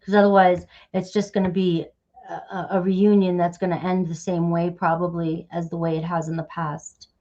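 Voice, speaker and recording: A woman's voice: lowish voice, little pitch movement, normal speed, warm tone, muffled recording. A woman giving a casual tarot reading, chatty and loose, often dropping in "all right" and "okay". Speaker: tarot reader.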